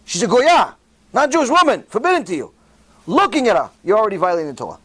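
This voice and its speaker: Delivering a sermon, this middle-aged rabbi speaks quickly in a fairly high, husky voice. He's animated and expressive, with wide pitch swings, and he performs the voices of the people he quotes.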